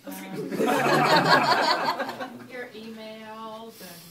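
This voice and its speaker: A woman's voice: a little high, very slow. A woman in the audience, teasing the comedian. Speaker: audience member. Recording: echoey, distant room, clear noise.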